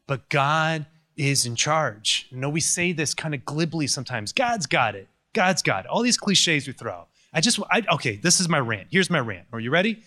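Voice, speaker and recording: A man giving a conversational, sarcastic lecture, telling stories with lots of energy. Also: mid-range voice. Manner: conversational, sarcastic, animated storytelling. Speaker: Catholic lecturer. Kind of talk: recorded lecture.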